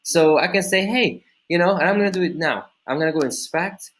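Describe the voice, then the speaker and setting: A man's voice: fairly high pitch, quick pace, fairly bright tone, poor audio. A man hosting a screen-recorded coding tutorial, talking casually to viewers, thinking aloud with many fillers and restarts and asking rhetorical questions. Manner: talks straight to viewers, asks rhetorical questions.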